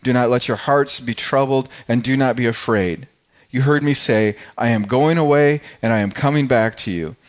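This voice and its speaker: A man's voice: medium pitch, normal speed. A middle-aged man preaching a sermon in a conversational way, stumbling and repeating words as he goes. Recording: dull lo-fi recording.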